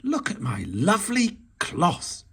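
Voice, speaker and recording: A man reading a storybook aloud and voicing a boastful, excitable male rabbit. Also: sits high, unhurried, vocal fry, breathy edge, voice pushed up, heavily acted. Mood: proud. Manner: boastful cries.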